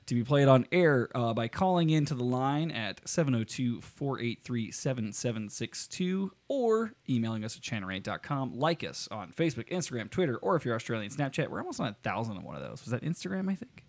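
A man's voice: medium pitch, big pitch swings, fairly quick, few pauses. A man hosting a podcast from a home studio, joking and swearing in casual chat. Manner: joking, swearing, rambling with restarts. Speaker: podcast host.

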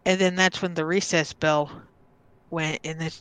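A woman recounting her own story as a podcast guest, in a casual, halting way. She stumbles and starts over mid-sentence. The sound is dry and close, with no room in it. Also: low voice, steady tone, a bit bright, clean tone, no room sound. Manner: halting, restarts and repeats words.

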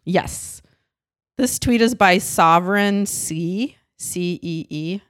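A woman who is a comedian, guesting on a podcast and telling deadpan jokes in casual chat. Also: fairly low pitch, slow, no echo, clean studio sound.

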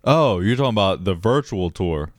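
Low-voiced swearing co-host telling a story, dry close mic. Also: male voice, animated, normal speed, dry recording. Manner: profane, laughs often, says dude. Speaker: podcast co-host. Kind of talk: casual chat storytelling.

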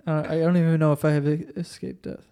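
A man's voice: on the high side, little pitch movement, fast talker, dark tone, clean tone. A young American man hosting a podcast, chatting casually and telling stories with plenty of profanity. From United States. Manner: loose, profane storytelling. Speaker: podcast host. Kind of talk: casual chat.

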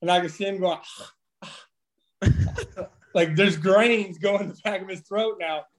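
Profane, animated man telling stories. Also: high voice, unhurried. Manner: profane, animated storyteller with laughs. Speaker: former baseball player, podcast guest. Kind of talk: casual storytelling chat.

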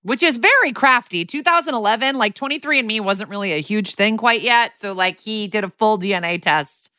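A woman co-host chats easily, peppering her talk with "like", her tone bright and sharp-edged. The sound is dry and close to the mic. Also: mid-range voice, fairly quick, no echo. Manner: relaxed, filler-heavy reactions. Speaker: podcast co-host. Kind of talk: casual chat.

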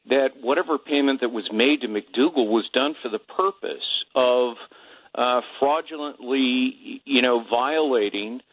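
A man's voice: mid-range voice, no echo. A male legal analyst, a guest on a radio talk show, explaining a case with hesitant fillers over a phone line.

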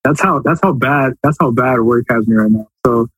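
A man's voice: medium pitch, normal speed, a bit bright, breathy edge, dry recording, low-quality recording. A man co-hosting a casual soccer podcast, talking in a loose, rambling way and laughing easily. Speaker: podcast co-host.

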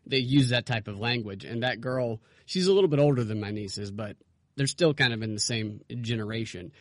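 Male podcast co-host, argumentative, mid-pitched voice, dry close mic. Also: fairly quick, no echo. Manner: argumentative, rhetorical questions. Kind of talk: casual political podcast chat.

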